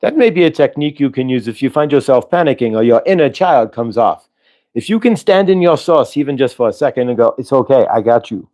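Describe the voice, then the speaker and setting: A man's voice: mid-range voice, lively intonation, brisk, mellow. A man giving a live spiritual channeling talk, earnest and coaching, asking the listener rhetorical questions.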